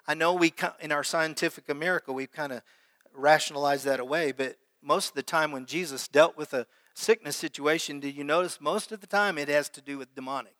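A man's voice: a little high, a little fast, sharp tone. A man preaching a sermon as pastor, talking conversationally and putting questions to his congregation. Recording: long hall reverb.

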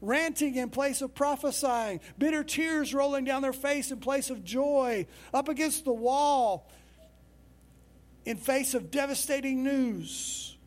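High-voiced man preaching a sermon. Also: slow pace. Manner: conversational storytelling preaching. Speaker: pastor.

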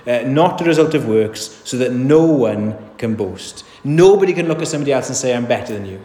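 Earnest preacher in an echoey church. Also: male voice, medium pitch, animated, brisk, warm tone. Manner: earnest, emphatic, rhetorical questions. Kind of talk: sermon. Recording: echoey hall reverb.

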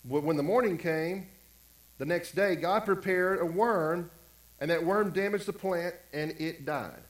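A man's voice: high voice, a little slow, echoey room, low-quality recording. A man pastor preaching a conversational sermon, acting out quotes and repeating phrases. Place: church.

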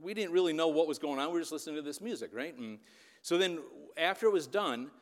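A man's voice: on the high side, fast talker. A man in his fifties from the Upper Midwest of the US, telling a story in a sermon and often checking in with his listeners. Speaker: preacher and youth leader. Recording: long reverb of a large hall.

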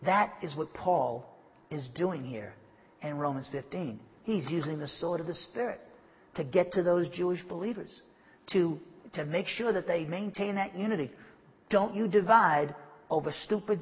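A man's voice: sits high, moderate pace, breathy edge, big-room sound. A man preaching a sermon as pastor, emphatic, with frequent asides and restarts.

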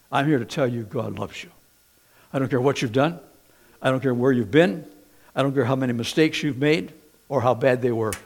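A man preaching a sermon, talking conversationally and telling personal stories, swinging between loud exhortation and soft, low asides. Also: husky. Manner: conversational, personal storytelling with fillers. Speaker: pastor.

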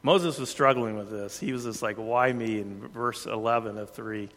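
A man preaching a sermon, earnest, shifting his pace and loudness for emphasis. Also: lowish voice, normal speed. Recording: long hall reverb.

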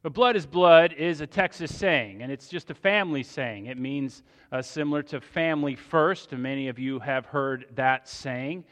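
A middle-aged man from Northern Virginia preaching a sermon as pastor, praying in a hushed voice, then telling stories with loud emphasis. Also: medium pitch, moderate pace, few pauses. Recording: long reverb in a large hall.

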